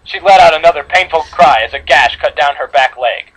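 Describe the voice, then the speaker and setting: A man's voice: a little high, fairly quick, very noisy. A man reading a horror fan story aloud to friends, dramatic, with slips and re-reads. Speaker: story reader.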